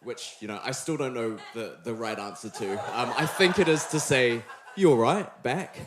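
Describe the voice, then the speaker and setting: A man's voice: medium pitch, expressive, normal speed, background noise. Young New Zealand man preaching, chatty and playful with the crowd, reverberant church hall. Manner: friendly, joking, chatty with the room. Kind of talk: sermon. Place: church hall before a live congregation.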